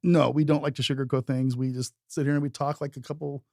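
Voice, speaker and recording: A man's voice: mid-range voice, little pitch movement, fast talker, gravelly, darkish tone, no echo. A man co-hosting a podcast, talking in a blunt, joking, plain-spoken way on a close mic. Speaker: podcast co-host. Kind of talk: casual podcast chat.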